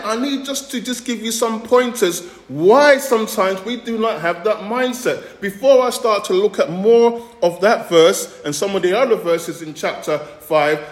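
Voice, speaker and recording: A man from the Caribbean preaching a sermon as pastor, earnest, often restarting phrases and pausing to qualify his points. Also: high voice, reverberant.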